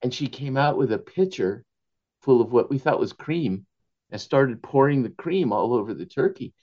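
A man, an author, telling animated anecdotes in an interview, laughing often and slipping into Spanish phrases. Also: mid-range voice, moderate pace, dull audio. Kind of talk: storytelling in a conversational interview.

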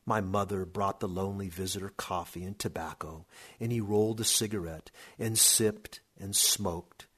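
A man reading a story aloud in a steady, measured narration. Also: low voice, husky.

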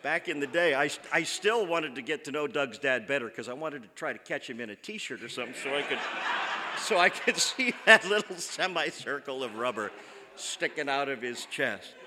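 A man telling a funny personal story on stage, self-mocking and animated. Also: medium pitch, normal speed, long reverb tail, noisy background. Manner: animated, self-mocking, acts out quoted voices. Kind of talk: comic live storytelling.

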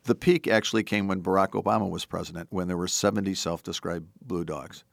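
An older American man, a podcast host and former congressman, talking politics in an animated, emphatic way. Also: low-pitched, brisk, creaky, no echo, studio quality. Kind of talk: political interview talk.

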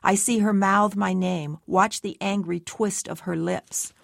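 A woman's voice: medium pitch, fairly even intonation, a little slow, gravelly, no room sound, studio quality. A woman giving tense, anxious first-person story narration as an audiobook narrator.

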